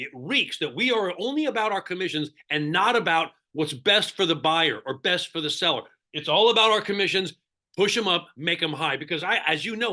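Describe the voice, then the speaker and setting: A man coaching real estate agents in a live online seminar, animated and sarcastic, often asking the audience questions. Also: fairly high pitch.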